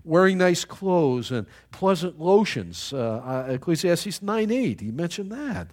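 An older man preaching a sermon as pastor, animated, with chatty asides to the congregation and frequent repeated words. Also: on the high side, a little slow.

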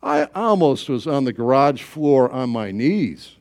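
A man's voice: mid-range voice, animated, a little slow. A middle-aged male pastor preaching a sermon in a folksy storytelling way, acting out his own thoughts in quoted asides.

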